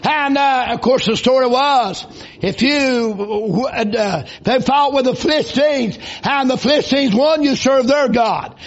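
A man preaching a revival sermon in church, folksy and rising into shouted bursts. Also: very high-pitched, measured pace. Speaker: visiting preacher. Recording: dull lo-fi recording.

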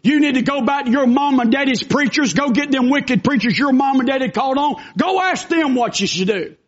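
A man doing a brusque fiery old prophet, high voice, dull lo-fi sound. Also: a little fast. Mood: scolding. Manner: brusque, scolding. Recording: dull lo-fi recording.

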